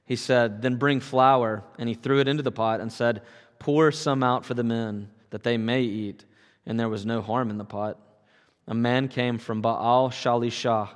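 A man reads scripture aloud at a steady, measured pace. His voice sits in the middle of the male range and rings out with a long reverb, as if carried through a church hall. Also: mid-range voice, smooth. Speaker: scripture reader. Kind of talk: Bible reading.

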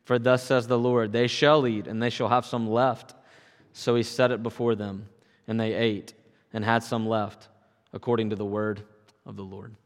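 A man reading a long Bible passage aloud in a measured, even way during a church service. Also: on the low side. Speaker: scripture reader. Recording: long reverb.

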